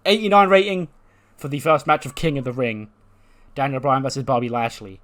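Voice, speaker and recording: A man's voice: medium pitch, a little fast, a bit bright. Casual rambling man narrating a game. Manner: casual, rambling, self-correcting. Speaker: gaming channel host.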